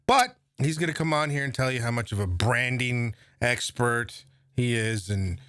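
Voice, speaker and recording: A man's voice: mid-range voice, expressive, normal speed, fairly bright tone, no echo. A man hosting casual political commentary, sarcastic and profane, rambling as he goes. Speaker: host.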